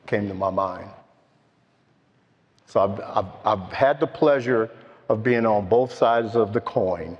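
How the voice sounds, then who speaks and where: An older man telling his own story at a recovery meeting, slow and halting, heartfelt. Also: lowish voice. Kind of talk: personal testimony. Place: meeting hall. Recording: dull, with long hall echo.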